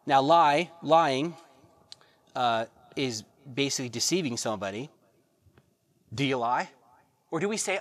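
A pastor preaching a sermon, reading verses and pressing the congregation with rhetorical questions and repeated phrases. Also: male voice, medium pitch, expressive, a little slow, pauses often.

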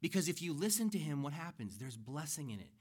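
A middle-aged man preaches to his congregation in an earnest, conversational way, leaning into key words for emphasis. His voice sits a touch higher than most men's. He sounds like a pastor talking to his church. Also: very animated, fast, a little mellow, breathy edge. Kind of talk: sermon. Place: church sanctuary.

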